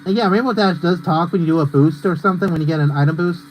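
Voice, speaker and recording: A young man streams a racing game, ranting and rambling through casual commentary packed with fillers. He talks fast in a fairly high voice, and the rough recording has slight background noise.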